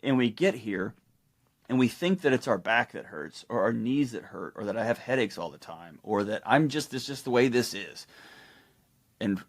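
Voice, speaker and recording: Brief: middle-aged male guest expert, animated storyteller, average pitch. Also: normal speed. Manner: animated storytelling, acts out quoted people. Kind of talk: conversational explanation.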